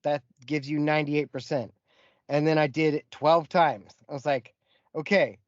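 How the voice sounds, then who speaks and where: A man co-hosting a podcast, telling a story with lively acted-out quotes in casual chat. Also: on the high side, normal speed, no echo, lo-fi sound. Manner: animated storyteller, acts out quotes. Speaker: podcast co-host.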